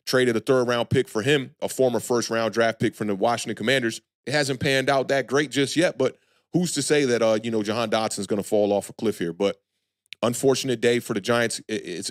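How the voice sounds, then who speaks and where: A man hosting a live sports talk stream, talking loosely and frankly to chat viewers and shouting them out. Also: medium pitch, dry recording, studio quality. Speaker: sports channel host.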